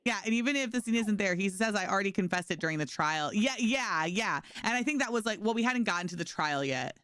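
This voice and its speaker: A woman's voice: mid-range voice, quick pace, no echo, clean studio sound. A young woman streamer in casual chat, telling stories to her stream chat and acting out the voices of the people in them. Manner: animated, acts out quoted voices, laughs often. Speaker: gaming streamer.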